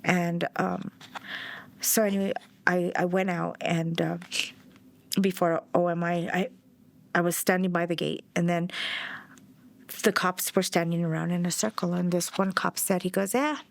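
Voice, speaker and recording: A woman's voice: fairly low pitch, little pitch movement, measured pace, creaky, long pauses. Middle-aged mother, documentary interviewee; direct, blunt, speaks her mind. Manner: blunt and outspoken. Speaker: bereaved mother.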